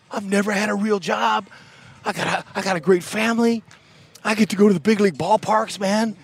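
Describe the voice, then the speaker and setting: A man in his sixties from California, telling animated stories as a guest in a sports interview, folksy and excitable, often tossing in "man". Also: high voice, a little fast, slightly rough. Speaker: guest broadcaster, former ballplayer.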